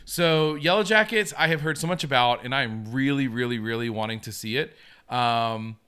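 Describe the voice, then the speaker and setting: A man's voice: mid-range voice, moderate pace, bright, forceful tone, smooth. A man hosting a casual live stream, chatting eagerly and reacting to viewer comments. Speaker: host.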